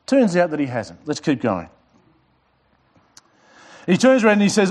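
Emphatic male pastor preaching, fairly high voice. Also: sing-song. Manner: emphatic preaching with pauses and repetitions. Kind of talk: sermon.

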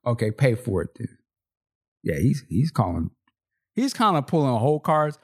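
A man's voice: mid-range voice, very animated, moderate pace, slightly rough. A man co-hosting a podcast in casual chat, laid-back and slangy, laughing often and asking rhetorical questions. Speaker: podcast co-host.

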